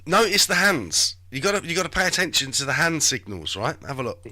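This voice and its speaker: A man's voice: a little high, big pitch swings, fairly quick, sharp tone. A man hosting a live stream, chatting and muttering to himself in rambling commentary. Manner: chatty, talks to himself while searching.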